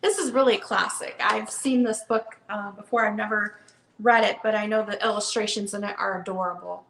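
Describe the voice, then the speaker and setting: A woman's voice: medium pitch, fairly even intonation, a little fast, creaky, a bit bright, slight background noise. A woman hosting a live online book sale, chatty and upbeat, calling out bids. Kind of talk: casual live auction chat. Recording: echoey room.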